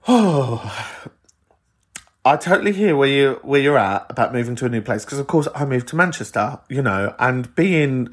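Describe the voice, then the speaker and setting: A man with a London accent, hosting a podcast and chatting warmly through listener voicemails, laughing often. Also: mid-range voice, expressive, a little slow, pauses often. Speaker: podcast host.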